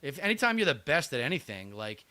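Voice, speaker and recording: A man's voice: fairly high pitch, very animated, quick pace, bright, forceful tone, smooth, no echo. An American man co-hosting a podcast, blunt and profane, thinking aloud at length. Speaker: podcast co-host. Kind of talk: casual political chat.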